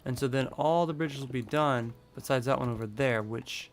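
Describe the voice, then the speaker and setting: A man's voice: medium pitch, normal speed. A man live-streaming a building game, thinking aloud in a rambling, casual way.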